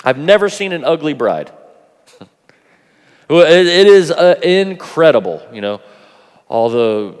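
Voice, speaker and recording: A man preaching a sermon at a youth conference, animated and playful, acting out voices as he goes. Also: on the low side, clear, resonant tone. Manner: animated, acts out quoted voices, laughs often. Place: large conference hall. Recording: long hall reverb.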